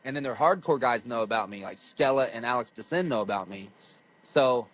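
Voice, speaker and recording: A man in his thirties from the United States, a guest on a casual podcast interview, telling stories in an excitable, profane way. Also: mid-range voice, fairly quick, poor audio. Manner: profane, excitable storytelling with acted-out quotes. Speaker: podcast guest, pro wrestler.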